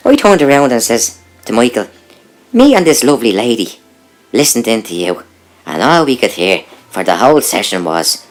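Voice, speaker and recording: Male joke teller, lively sing-song delivery, faint music behind. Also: mid-range voice, normal speed. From Ireland. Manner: animated, conversational, punchline delivery. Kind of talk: comic storytelling.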